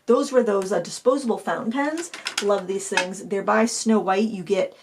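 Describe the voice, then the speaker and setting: A woman's voice: mid-range voice, moderate pace, background noise. A middle-aged woman hosting an art channel, chatting casually as she pages through a sketchbook, with fillers and self-corrections.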